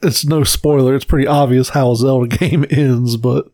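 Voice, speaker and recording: Podcast guy, middle pitch, cusses a lot, animated storyteller, dry mic. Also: normal speed, dry recording. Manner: swears freely, animated storyteller. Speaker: podcast co-host. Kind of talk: casual chat.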